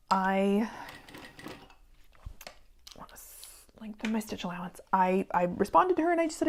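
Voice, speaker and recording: A woman's voice: mid-range voice, lively intonation, a little fast, vocal fry, long pauses, a little mellow, slight background noise. A woman who runs a small business, chatting casually as she sews and venting about a rude customer. She rambles with many fillers and sometimes drops to a whisper while working. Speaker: small business owner and vlogger. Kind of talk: casual chat while sewing.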